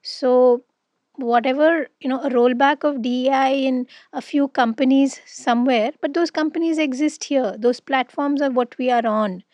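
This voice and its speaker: High-voiced woman co-hosting a talk podcast. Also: normal speed, a little mellow, no room sound. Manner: reflective, frequent "right?" tags. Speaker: podcast co-host. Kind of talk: casual conversation.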